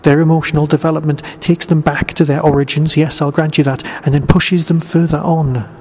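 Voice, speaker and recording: A man's voice: fairly high pitch, level tone, a little fast, a little mellow, breathy edge. A man hosting a podcast, giving a chatty review and asking and answering his own questions. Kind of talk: spoken audio review. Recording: reverberant room with faint noise.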